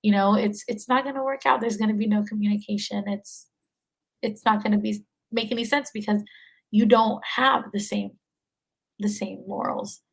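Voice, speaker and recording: A woman's voice: mid-range voice, steady tone, normal speed, creaky, husky, low-quality recording. A young woman in her twenties, a podcast guest, talking casually with many fillers and frequent laughs. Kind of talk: casual conversation.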